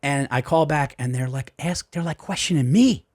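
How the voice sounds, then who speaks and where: A man, a comedian on a podcast, telling a story in an animated, profane way and acting out the voices of the people in it. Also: fairly high pitch, moderate pace. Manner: profane, excitable, acts out voices. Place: podcast studio. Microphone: studio mic.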